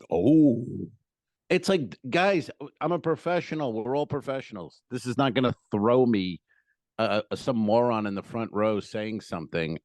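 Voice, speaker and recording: A low-pitched man swings his voice up and down as he tells a rambling comedy-club story. The recording is close and dry, and he keeps the talk loose, profane and jokey. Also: no room sound. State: feeling unwell. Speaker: stand-up comedian and podcast co-host. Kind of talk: casual comedy podcast chat.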